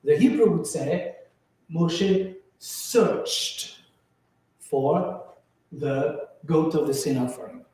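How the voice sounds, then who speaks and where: A man's voice: fairly high pitch, drawn-out words, warm tone. A man teaching a Torah class to a group in an informal, searching way, with many restarts and fillers. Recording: very echoey room.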